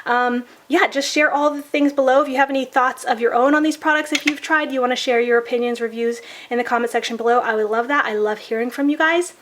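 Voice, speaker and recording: A woman with a sick-sounding voice, chatting in a casual makeup review vlog in a gushing, soft-spoken way. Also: sits high, steady tone, fast talker, hardly any pauses, slight background noise. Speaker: beauty vlogger.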